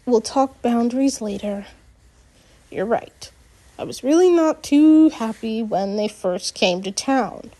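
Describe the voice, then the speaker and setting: Calm middle-aged father who explains himself patiently, read by a woman in her own slow, mellow voice. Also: a little high.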